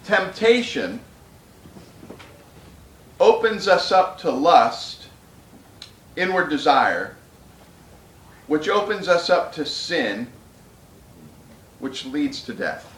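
A man's voice: a little high, sing-song, very slow, pauses often, fairly bright tone, echoey room, poor audio. A man preaching a sermon to a room of pastors, emphatic and conversational, with repeated words for stress.

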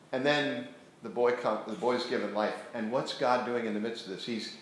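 A man preaching a sermon who acts out the scripture scenes in a lively way and often restarts his sentences. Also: on the low side, brisk, a little hiss or hum. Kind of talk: sermon with animated storytelling. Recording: roomy echo.

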